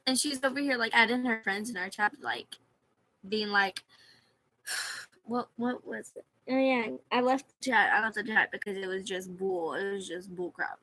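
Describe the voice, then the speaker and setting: A woman's voice: medium pitch, normal speed, pushed and bright, rough recording. A young woman on a livestream reading chat messages aloud and telling a story in a sarcastic, complaining way.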